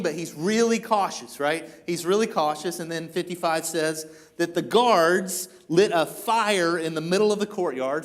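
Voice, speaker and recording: A man preaching a sermon in a church, retelling a story and acting out the quoted lines with lively voices. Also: on the high side. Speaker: pastor.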